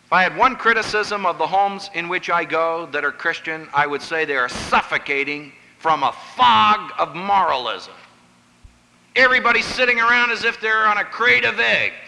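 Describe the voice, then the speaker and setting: A man's voice: sits high, lively intonation, moderate pace, vocal fry, sharp tone, in a large hall, rough recording. A man from Pennsylvania giving an emphatic, story-filled talk on family life, acting out the voices he quotes. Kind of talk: sermon-style lecture with stories.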